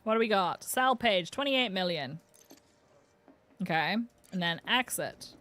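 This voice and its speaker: A woman's voice: medium pitch, expressive, a little slow, sharp tone. Giggly woman streaming a game. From United Kingdom. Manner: chatty, giggly, reads chat aloud. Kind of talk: casual live-stream chat.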